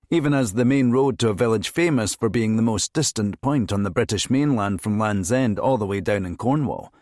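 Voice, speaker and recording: A man narrating a crime thriller audiobook in a measured, steady reading voice. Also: on the low side, dry recording, clean studio sound. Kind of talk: scripted narration.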